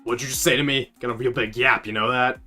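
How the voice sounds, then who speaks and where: Guy voicing a cocky trash-talking young punk, fast and sharp, game music faint behind. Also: mid-range voice, fairly even intonation, natural voice. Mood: taunting. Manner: taunting, swaggering. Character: brash, foul-mouthed young man picking a fight.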